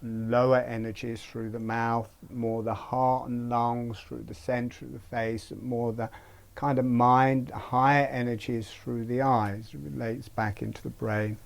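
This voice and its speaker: A man teaching a breathing practice in an online webinar, speaking gently and haltingly, with frequent pauses. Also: mid-range voice, flat delivery, vocal fry. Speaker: meditation teacher.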